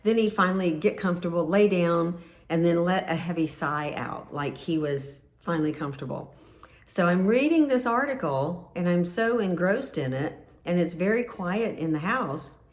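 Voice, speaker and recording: A woman's voice: fairly low pitch, expressive, moderate pace. A middle-aged woman telling a personal story in a casual, rambling way, close to tears. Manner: rambling, with many restarts and fillers.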